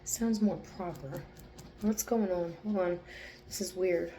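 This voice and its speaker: Low, mellow woman doing a psychic reading. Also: steady tone, slight background noise. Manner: hesitant, restarts, pauses to focus. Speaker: psychic channeler. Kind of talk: intuitive reading, thinking aloud.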